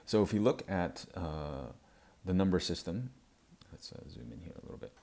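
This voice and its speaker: Man, very low voice, explanatory lecture, halting, frequent fillers. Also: animated, creaky, dark tone. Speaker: language educator. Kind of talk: explanatory lecture over slides.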